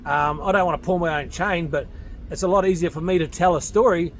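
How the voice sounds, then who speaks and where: A man's voice: a little high, fairly quick, a little hiss or hum. An Australian man in his forties giving a blunt, combative vlog rant to camera from his home in Thailand, swearing freely and speaking off the cuff. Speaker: vlogger.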